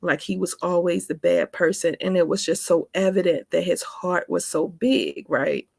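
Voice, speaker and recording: Chatty gravelly-voiced woman in her forties. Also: fairly low pitch, normal speed, darkish tone, no echo, studio quality. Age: 40s. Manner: chatty, emphatic, speaks to viewers as "honey" and "baby". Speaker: vlogger. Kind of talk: casual storytelling to camera.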